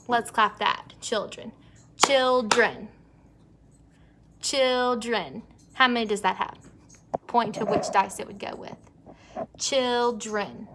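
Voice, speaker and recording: A young woman teacher leading an early-grade phonics lesson, stretching out words slowly and praising the children. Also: a little high, background noise. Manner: slow, drawn-out word modeling, encouraging.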